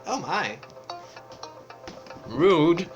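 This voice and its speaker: Excitable man playing a story game. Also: very slow, highs cut off. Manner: excitable, stammering, squeals high when startled. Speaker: gaming channel host. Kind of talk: story game playthrough commentary. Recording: game music under voice.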